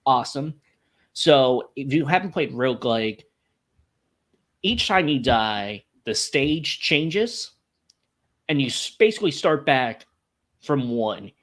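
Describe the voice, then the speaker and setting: Lively Canadian man, gaming podcast. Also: medium pitch, takes it slowly, long pauses. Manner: enthusiastic, says "like" a lot. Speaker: podcast co-host. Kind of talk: casual chat.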